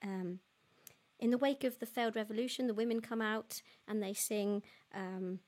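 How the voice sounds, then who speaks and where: A woman's voice: mid-range voice, fairly even intonation, normal speed, darkish tone. A woman hosting a livestream as a singer, chatting casually and reading out viewer comments, friendly, with frequent ums and self-corrections.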